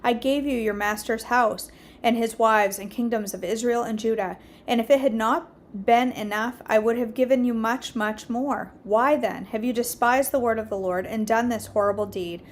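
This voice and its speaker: A woman hosting a daily devotional, reading scripture aloud in a steady, earnest way with small slips and restarts. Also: fairly high pitch, moderate pace. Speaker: devotional host.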